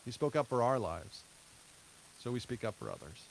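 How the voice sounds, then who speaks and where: A man's voice: medium pitch, huge pitch swings, normal speed, vocal fry, slight background noise, low-quality recording. A male pastor giving a conversational sermon, with asides to the congregation and a closing prayer. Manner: conversational preaching with light laughs and asides.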